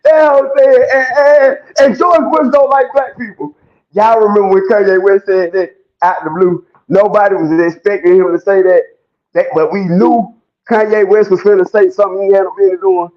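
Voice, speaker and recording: A man, giving animated ranting commentary, loud and mocking, swearing often and laughing as he talks. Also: high-pitched, normal speed. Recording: dull lo-fi sound.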